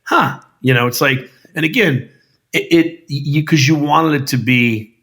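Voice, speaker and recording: A man's voice: fairly high pitch, a little slow, fairly bright tone, husky. Profane, emphatic man telling stories. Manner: profane, emphatic storyteller acting out quotes. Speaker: guest film director. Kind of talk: casual conversation.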